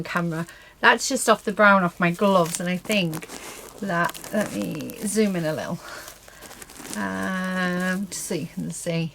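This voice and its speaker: A woman's voice: on the low side, vocal fry, a bit bright, slight background noise, poor audio. Chatty woman crafting, full of fillers. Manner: chatty, heavy on fillers like "so yeah" and "um"; talks to herself and her viewers as she paints. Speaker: crafting vlogger. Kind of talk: casual chat while crafting. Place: indoors at a craft table.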